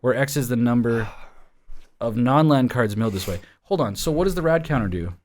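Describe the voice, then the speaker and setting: A man hosting a casual podcast chat, reading card text aloud with halting fillers. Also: mid-range voice, animated. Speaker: podcast host.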